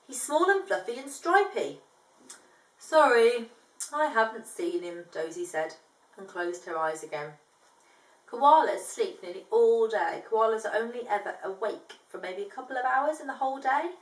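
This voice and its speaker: A woman's voice: a little high, reverberant, recorded from a distance, rough recording. A woman reading a children's picture book aloud, lifting her voice for the animals' lines and stopping to explain things in a chatty way. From from outside Australia, now living there.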